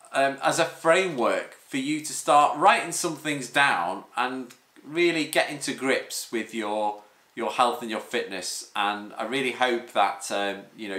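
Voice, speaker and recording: Bright-voiced fitness coach. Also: male voice, fairly low pitch. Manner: rambling with frequent restarts and 'um'. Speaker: personal trainer and online fitness coach. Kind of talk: casual podcast monologue. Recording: roomy echo.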